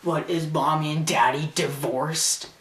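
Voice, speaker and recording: A man's voice: on the high side, fairly even intonation, measured pace, fairly bright tone, reverberant, far from the mic, faint music behind. A teenage boy ranting sarcastically and indignantly into a camcorder in his bedroom. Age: teens. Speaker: vlogger. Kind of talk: ranting vlog. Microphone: camcorder mic.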